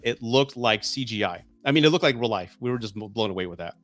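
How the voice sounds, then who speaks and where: A man in his forties hosting a casual live stream, chatting excitedly and getting emotional when viewers send gifts. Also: mid-range voice, fast, dry recording, faint music behind. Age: 40s.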